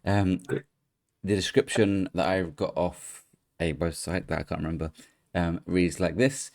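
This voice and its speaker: A tipsy man with a hoarse voice hosting a casual podcast chat, rambling and stumbling over his words. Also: low voice, normal speed, a little mellow. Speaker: podcast host.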